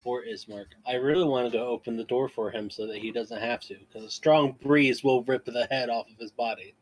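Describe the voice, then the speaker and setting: A man's voice: mid-range voice, fairly even intonation, moderate pace, slight background noise. An Irish man playing a tabletop game, joking bluntly and swearing freely. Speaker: player.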